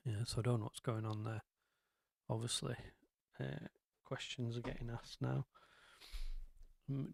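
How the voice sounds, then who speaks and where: A man's voice: medium pitch, steady tone, slow pace, creaky, long pauses, a little mellow, dry recording. A man hosting a casual live-stream chat, rambling along with lots of ums and asides.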